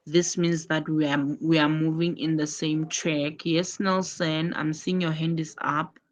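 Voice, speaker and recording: A woman teaches an English class online over a video call. Her voice sits low, and she speaks very slowly. She explains patiently, coming back to the same point with fresh examples. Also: flat delivery.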